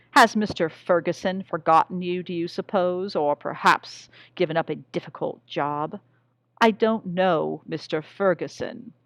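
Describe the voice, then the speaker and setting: A young woman reads a short story aloud in a measured, even way. Her voice sits on the low side and has a gravelly edge of fry. The recording is dry and close, with no room sound. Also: dry recording. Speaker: reader. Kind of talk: audiobook reading of a short story.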